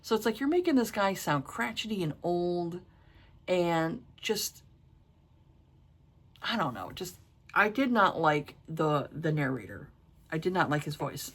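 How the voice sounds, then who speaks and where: A woman's voice: on the low side, expressive, unhurried, long pauses, fairly bright tone. A middle-aged woman reviewing books in casual chat, blunt and exasperated, with a habit of swearing. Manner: frank, exasperated and profane. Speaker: book reviewer.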